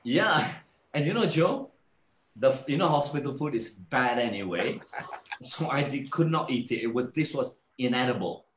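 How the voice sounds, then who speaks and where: A man guest telling a personal story in a casual live talk, animated and acting out the voices of people he describes. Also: medium pitch, normal speed, reverberant, a little hiss or hum.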